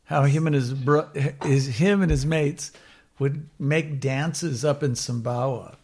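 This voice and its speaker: Gravelly, husky male host, keen and reactive, chips in often. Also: fairly high pitch, slow, darkish tone. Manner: enthusiastic, lots of short interjections. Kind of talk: casual interview.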